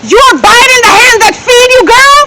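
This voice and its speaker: An actress with a Jamaican accent playing a bossy, scornful wife who scolds and shouts at her household. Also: extremely high pitch, moderate pace. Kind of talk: comedy skit acting. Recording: loud background noise.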